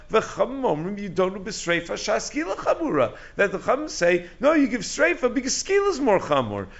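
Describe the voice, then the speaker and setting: A man's voice: fairly high pitch, gravelly. A man giving a Talmud lesson, explaining animatedly in English full of Aramaic and Hebrew terms. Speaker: Talmud teacher giving a daily class. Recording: dull lo-fi recording.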